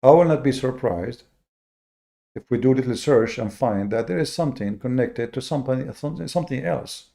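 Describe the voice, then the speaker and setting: Gravelly, mellow-voiced male host lecturing. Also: mid-range voice. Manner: slow, deliberate emphasis with many fillers and repeated words. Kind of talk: lecture-style monologue.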